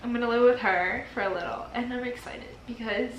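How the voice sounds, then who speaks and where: Young woman in her early twenties, crying vlogger, rambling and high-ish, recorded in a bare echoey apartment. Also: fairly quick, dull audio, a little hiss or hum. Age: early 20s. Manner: rambling, heavy use of "like", tearful laughs. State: crying, teary voice. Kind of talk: emotional farewell vlog, casual talk to camera. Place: empty apartment, indoors. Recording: echoey empty room.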